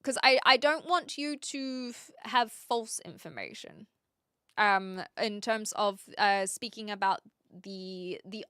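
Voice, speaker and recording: A woman's voice: medium pitch, fairly bright tone, smooth, no room sound, clean studio sound. A woman with an Australian accent, chatting casually with her live stream viewers, often restarting her sentences as she answers the chat.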